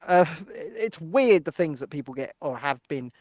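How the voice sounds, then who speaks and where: A man co-hosting a casual chat show, explaining things in an animated way. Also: on the high side, moderate pace, dry recording, muffled recording. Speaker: co-host.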